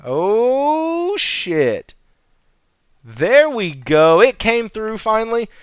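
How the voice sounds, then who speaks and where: A man hosting a casual gaming news podcast, talking in an animated, profane, sarcastic way and laughing often. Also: high voice, drawn-out words, clear, resonant tone, dry recording. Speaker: podcast host. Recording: dry, slightly dull audio.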